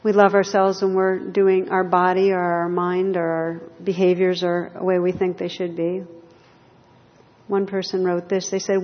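A woman meditation teacher giving a gentle, reflective dharma talk to a group in a hall. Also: mid-range voice, fairly even intonation, a little slow. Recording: lo-fi hall recording with long reverb.

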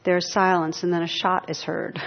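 A woman meditation teacher giving a dharma talk to a live audience, reflective and pausing, laughing at her own jokes. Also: lowish voice, flat delivery, a faint crowd. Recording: dull lo-fi talk recording.

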